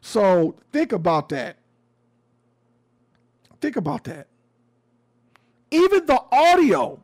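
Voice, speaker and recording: A man with a fairly high voice talks slowly through a casual commentary. He is sarcastic and emphatic, and he circles back over his own words. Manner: sarcastic, emphatic, repeats phrases.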